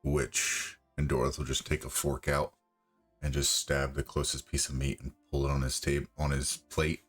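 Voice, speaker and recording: A man's voice: a bass voice, monotone, normal speed, faint music behind. A man playing a tabletop game, asking questions and describing his character's actions. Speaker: player.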